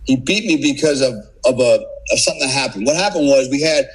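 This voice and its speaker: Husky-voiced man telling a war story. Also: medium pitch, fast talker, rough recording. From United States. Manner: animated, swearing, acts out quotes. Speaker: podcast guest, former special forces operator. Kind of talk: casual storytelling.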